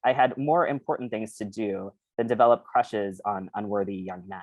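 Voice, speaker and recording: A man with a fairly low voice reads from his novel at a bookstore event, then talks about writing it, halting and full of fillers. There is no room sound.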